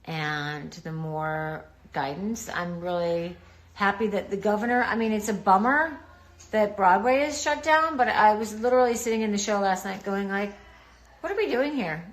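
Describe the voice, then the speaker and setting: A woman's voice: mid-range voice, moderate pace. A middle-aged woman chatting casually on a live stream, reassuring her viewers and greeting commenters. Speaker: livestream host talking to viewers.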